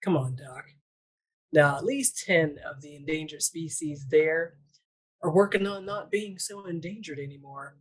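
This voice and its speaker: A woman's voice: low-pitched, moderate pace, slightly rough, rough recording. A woman correspondent giving a comic news report with sassy, joking asides.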